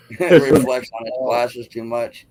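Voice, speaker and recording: A man's voice: medium pitch, slow pace, darkish tone. A man hosting a casual livestream call, laughing often and teasing friends and viewers. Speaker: livestream host.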